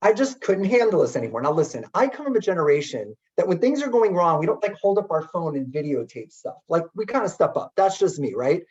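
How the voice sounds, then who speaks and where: A middle-aged man telling a story in a webinar talk as keynote speaker, chatty and animated with many filler words. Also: fairly high pitch, a little fast, hardly any pauses. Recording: dull lo-fi webinar audio.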